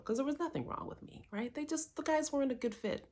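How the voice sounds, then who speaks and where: A woman's voice: fairly low pitch, very animated, fast talker. A middle-aged woman, a life coach, candidly telling a personal story with lots of quoted self-talk.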